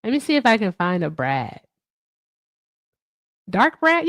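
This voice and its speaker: A woman hosts a casual livestream and talks straight to her viewers in the comments. Her pitch swings widely as she riffs, and she swears freely. Her voice sounds dry and close, with no room echo. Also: big pitch swings, slow pace, pauses often. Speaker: livestream host.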